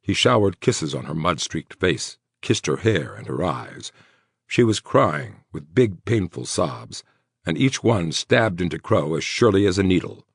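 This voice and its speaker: Gravelly, husky male horror narrator. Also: sits low, a little slow, no echo, clean studio sound. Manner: dramatic, expressive reading. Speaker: audiobook narrator.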